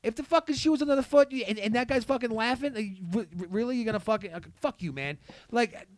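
A man in a casual podcast chat, rambling and heated with heavy swearing, saying he is high. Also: fast talker.

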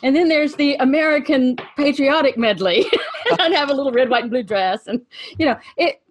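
A woman's voice: high voice, moderate pace. A woman, a singer, chatting about her childhood with frequent laughter. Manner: warm, amused, laughs often. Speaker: panel guest, singer. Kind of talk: casual conversation.

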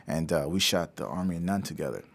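Young guy w a lowish voice, actor on a podcast, loose slangy storyteller, cusses a lot. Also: fast, vocal fry. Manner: animated, slangy storyteller who swears freely. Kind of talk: casual storytelling chat.

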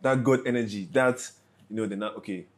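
A man hosting a podcast, chatting casually with a guest in a relaxed, slangy way. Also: medium pitch, brisk. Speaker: podcast host. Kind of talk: casual interview chat.

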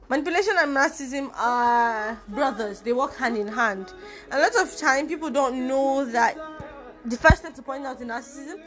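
Chatty young woman podcaster, higher voice. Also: a bit bright. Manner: chatty and informal, with playful asides. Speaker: podcast host. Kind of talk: casual solo podcast talk.

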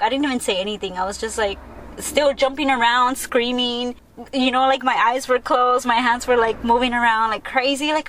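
Young female podcast host, casual storyteller, excitable and giggly, slightly high voice. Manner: excitable, lots of "like" and laughter.

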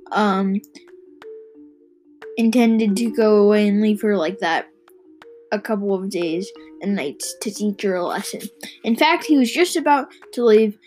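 A woman reads a children's storybook aloud in a fairly high voice, taking her time and now and then stumbling and restarting a word. Soft music plays faintly beneath her reading. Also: rough recording. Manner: unhurried, with small slips and restarts. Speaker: reader.

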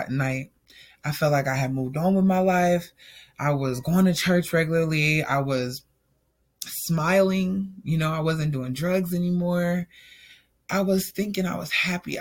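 Man telling a candid personal story. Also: fairly high pitch. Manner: candid and emotional, speaks in loose run-on sentences. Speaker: storyteller sharing a personal testimony.

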